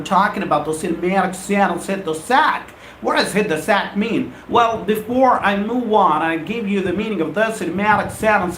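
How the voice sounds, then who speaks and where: A man teaching an English lesson on a live stream, emphatic and repeating phrases in slow deliberate drills. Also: sits high, fairly bright tone, slight background noise. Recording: echoey room with faint ambience.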